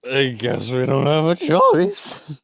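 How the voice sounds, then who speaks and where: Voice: mid-range voice, huge pitch swings, slow pace, gravelly, dry recording, studio quality, heavily acted. A player voicing a floating magic hand familiar with a casual, shruggy manner. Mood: resigned.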